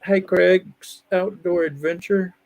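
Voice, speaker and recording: A man in his fifties hosting a live stream. He chats casually and easygoing, and he laughs his way through animated stories. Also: sits high, takes it slowly, vocal fry. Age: 50s. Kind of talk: casual chat.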